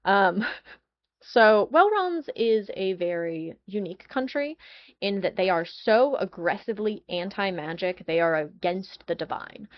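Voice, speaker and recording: A woman's voice: lowish voice, dull audio. A woman presenting a game world's lore in a chatty, casual way, full of fillers and restarts. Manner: chatty, many ums and restarts. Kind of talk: casual lore overview talk.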